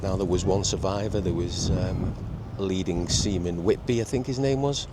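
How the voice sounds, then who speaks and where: A middle-aged man, chatting casually in a walking vlog on a seaside promenade, halting with many repeats and fillers. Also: sits low. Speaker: vlogger. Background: faint outdoor ambience with traffic and seagulls.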